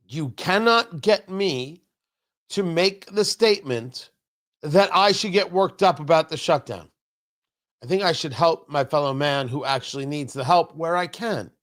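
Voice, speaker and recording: Emphatic high-voiced male talk host. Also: fairly bright tone. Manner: emphatic, repeating lines for punch, sarcastic. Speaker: radio talk show host. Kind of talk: opinionated political talk.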